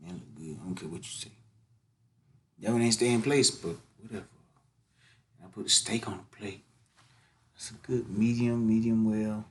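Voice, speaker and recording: A man's voice: fairly low pitch, normal speed, pauses often. A man chatting casually while cooking and eating on his vlog, full of slang. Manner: laid-back slangy chatter, sing-song hype chants. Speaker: mukbang vlogger.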